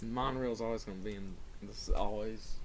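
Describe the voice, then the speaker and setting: A man's voice: lowish voice, steady tone, normal speed. Young guy chatting, eager, trips on his words, a bit of background hiss. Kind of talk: casual chat.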